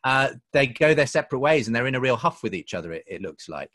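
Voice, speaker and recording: Relaxed man chatting in church. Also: medium pitch, fast. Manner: relaxed, thinks aloud with small restarts. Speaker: church leader. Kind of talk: casual chat. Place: church service.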